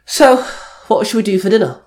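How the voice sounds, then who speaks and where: A man's voice: high-pitched, animated, a little fast, a little mellow, pitched above the performer's own voice. A man voicing a cheerful wife who runs a flower shop, using a light, raised voice. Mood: easygoing.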